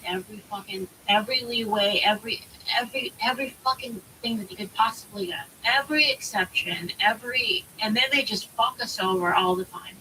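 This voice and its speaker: A woman's voice: mid-range voice, bright, forceful tone. An American woman streamer in casual chat, ranting heatedly and swearing a lot, with many fillers. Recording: distant mic with faint hiss.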